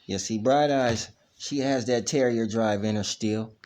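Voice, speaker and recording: A man's voice: medium pitch, unhurried, a little mellow. A man hosting a casual dog vlog at home, rambling and repeating "you know what I mean" as he plays with his dog. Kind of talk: casual chat. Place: at home, indoors. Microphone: camera.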